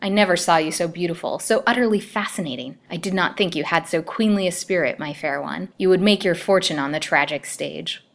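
Woman reading as scheming villain, man, storybook, taunting, coldly threatening, lowish voice. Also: a little fast, gravelly, hardly any pauses.

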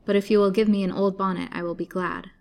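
A woman reading a storybook, voicing an exhausted, gentle young woman who pleads earnestly. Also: mid-range voice, little pitch movement, fast talker, close to an everyday voice. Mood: weary pleading.

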